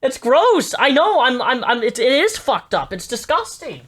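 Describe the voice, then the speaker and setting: A woman's voice: high voice, very animated, moderate pace. Woman, live reaction commentator; blunt, profane, stammery when heated.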